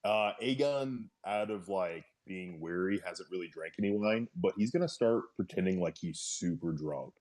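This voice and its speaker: A man playing a tabletop game, speaking slowly and deliberately. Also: low voice, a little mellow. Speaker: player. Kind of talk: tabletop role-play.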